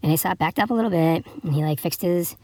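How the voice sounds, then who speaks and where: A podcast host with a fairly high, darkish voice talks fast with no echo. He tells improvised comic stories in a crude, rambling, profane way, breaking into a read fable to toss in jokey asides.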